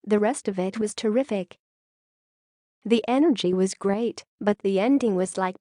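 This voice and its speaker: A woman narrating a scripted entertainment news story in an even read-aloud delivery. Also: medium pitch, measured pace, no echo, clean studio sound.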